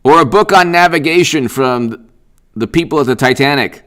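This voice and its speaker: Sarcastic male political commentator, clear voice. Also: a little high, normal speed. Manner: sarcastic, animated, repeats himself. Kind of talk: live-stream commentary.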